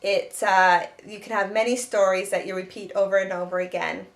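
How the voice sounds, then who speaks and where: A woman's voice: mid-range voice, little pitch movement, normal speed. A woman who teaches self-help and writes children's books, giving spoken advice in an earnest way with many restarts.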